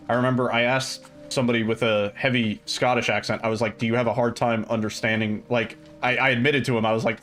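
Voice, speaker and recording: A man's voice: medium pitch, fairly bright tone. A man chatting casually and rambling while streaming a game, now and then swearing at it. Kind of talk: casual gameplay chat.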